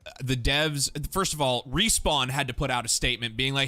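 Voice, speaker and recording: A man co-hosting a gaming podcast, chatting casually, animated and exasperated, swearing freely. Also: mid-range voice, fairly quick, soft background music. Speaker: podcast co-host.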